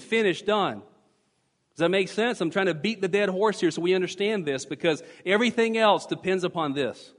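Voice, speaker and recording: A man with a fairly high voice preaches to his congregation, stressing each point and repeating phrases for emphasis. His voice rings out with a long reverb from the church sanctuary. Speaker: pastor. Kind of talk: sermon.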